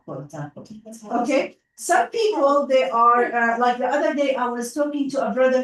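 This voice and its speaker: A woman with an Arabic accent teaching a class in a lively, coaxing way. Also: sits high. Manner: lively, coaxing, quick asides to pupils. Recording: roomy classroom from far off.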